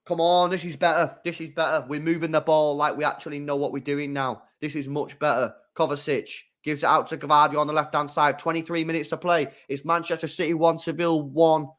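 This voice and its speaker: An excitable football fan talks his viewers through a match live, speaking a little fast with hardly any pauses. He moves from loud outbursts to low murmurs.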